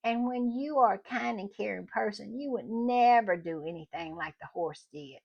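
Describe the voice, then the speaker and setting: A woman's voice: mid-range voice, moderate pace, creaky, slightly rough, highs cut off. A woman hosting a casual commentary vlog, chatty and gushing, talking straight to her viewers. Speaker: channel host.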